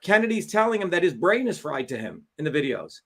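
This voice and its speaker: A man's voice: on the high side, very animated, quick pace, fairly bright tone. A man hosting a livestream, delivering heated, combative political commentary with profanity and mockery. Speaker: livestream host.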